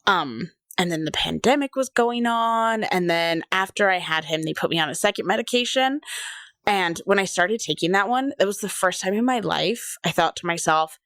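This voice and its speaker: A woman's voice: fairly low pitch, expressive, moderate pace, fairly bright tone, no room sound, studio quality. A woman in her thirties co-hosting a podcast, candidly telling a personal story and acting out what people said to her. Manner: candid personal storytelling, acts out quoted voices. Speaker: podcast co-host. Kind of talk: casual chat.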